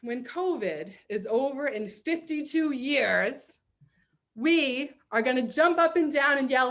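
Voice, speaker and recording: A bubbly woman with a Boston accent hosts a comedy therapy show from a video call, bright in pitch and quick to laugh. She leads a playful word game and reads aloud with gusto. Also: lively intonation. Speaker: host.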